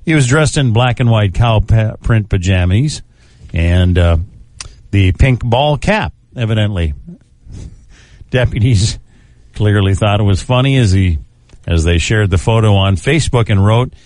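A male radio host talking through quirky news in an easy, casual way, his pitch bouncing around as he goes. He chuckles a lot and fumbles tricky names. The studio sound is close and dry. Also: expressive, a little slow, darkish tone, dry recording. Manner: chuckles often, stumbles over names.

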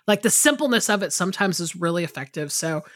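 A woman's voice: on the low side, animated, fast talker, fairly bright tone, no room sound, clean studio sound. A woman co-hosting a podcast, talking casually and rambling with lots of fillers and restarts. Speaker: podcast co-host. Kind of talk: casual chat.

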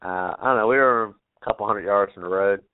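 Fast and fairly low-pitched, this man's voice has a clean tone and no room sound, though it arrives over a tinny remote line resembling a phone. A bow hunter and podcast guest, he rambles through a story packed with fillers and relaxed profanity.

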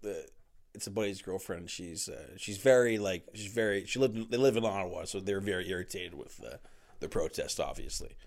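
A man's voice: low voice, brisk, creaky. A man chatting casually, telling stories with lots of swearing, acting out quotes and laughing often. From Canada. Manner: animated storyteller, acts out quotes in varied voices, laughs often, swears a lot. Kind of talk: casual chat.

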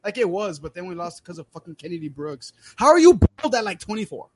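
A man's voice: sits high, sing-song, quick pace, noisy background. A man co-hosting a podcast, telling a story in casual chat and swearing freely. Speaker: podcast co-host. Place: podcast studio.

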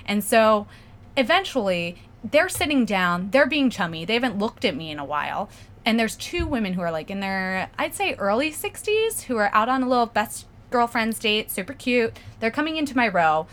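A woman from Pennsylvania telling a story in casual chat, animated, acting out other people's lines and swearing freely. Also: medium pitch. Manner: animated, acts out voices in quotes, swears freely.

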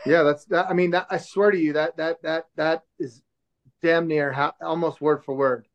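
The storyteller, a show host in his forties guesting on a podcast, has a slightly high voice and a moderate pace. Lively and casual, he voices each person he quotes as he goes, captured in dull, lo-fi audio.

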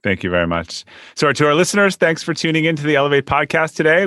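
A man hosting a podcast interview, relaxed and casual, often repeating words as he starts a sentence. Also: on the high side, quick pace, dry recording, faint music behind. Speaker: podcast host.

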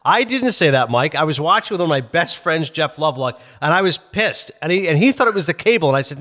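A man co-hosting a sports podcast, reading listener mail and telling stories in an animated, emphatic way. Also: a little high, quick pace, hardly any pauses. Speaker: podcast co-host. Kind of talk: casual sports talk.

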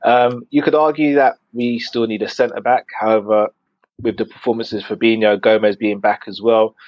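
A man who is a guest on a football podcast, giving measured and somewhat hesitant opinions. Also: lowish voice, no room sound, highs cut off. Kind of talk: casual football podcast chat.

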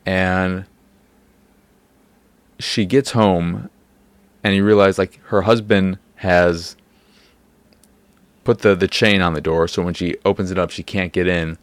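A man's voice: low-pitched, fairly even intonation, takes it slowly, pauses often, clean tone, no room sound. A man hosting a podcast, rambling in casual talk with lots of fillers and hedges. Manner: rambling, hedging, many fillers. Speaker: podcast host.

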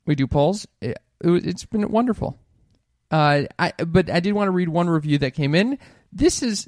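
A man's voice: a little high, animated, moderate pace, darkish tone, dry recording, clean studio sound. A young man co-hosting a comedy podcast with his mother, upbeat and often stumbling over his words. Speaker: podcast co-host. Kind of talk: casual chat.

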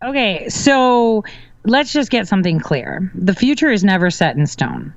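A woman's voice: medium pitch, sing-song, measured pace, no echo. Assertive woman guest, dull lo-fi sound. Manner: assertive, confident predictions. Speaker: guest commentator. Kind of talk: casual political talk show.

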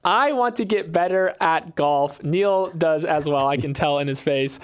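A man's voice: on the high side, measured pace, clear, resonant tone. A man co-hosting a podcast interview, asking questions in a playful, joking way. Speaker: podcast co-host.

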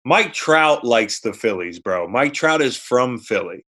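A man's voice: mid-range voice, lively intonation, unhurried, bright, forceful tone. Wry rambling man co-hosting a podcast. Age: adult. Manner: wry, rambling banter with profanity. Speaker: podcast co-host. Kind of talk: casual podcast chat.

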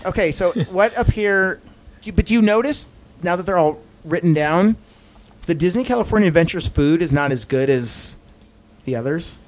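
A man's voice: high voice, lively intonation. Rambling man hosting a chatty podcast. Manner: rambling, self-deprecating, quick to justify himself. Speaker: podcast host. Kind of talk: casual podcast chat.

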